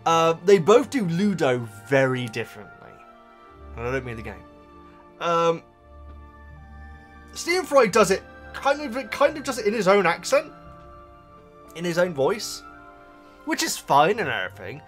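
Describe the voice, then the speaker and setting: A man's voice: high voice, wildly swooping pitch, measured pace, long pauses, fairly bright tone, soft background music. Chatty young man with a slight Bristolian accent. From Oxfordshire, England. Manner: chatty, rambling, often laughing, addresses the viewers as guys. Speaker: book vlogger. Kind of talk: casual chat.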